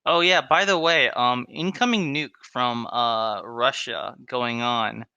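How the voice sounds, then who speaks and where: Young guy cohosting a podcast, jokey and mock-stern, bright tense voice, dry close sound. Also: medium pitch, takes it slowly, clean tone, dry recording, dull audio. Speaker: podcast co-host and channel owner. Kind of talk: casual podcast banter.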